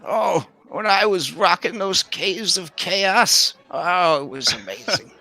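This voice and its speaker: A man's voice: sits high, expressive, slow, pushed and bright, pitched above the performer's own voice, heavily acted. A man voicing a gossipy, grumbling old woman dancer in a tabletop game. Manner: grumbling, boastful. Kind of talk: tabletop game role-play.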